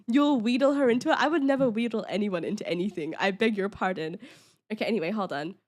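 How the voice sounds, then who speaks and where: A young woman talks casually to her live-stream chat, giggling and getting excited. Her high voice swings widely in pitch. She often trips over her words and starts sentences again. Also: brisk. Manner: giggly, excitable, many restarts and stammers. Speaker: VTuber streamer.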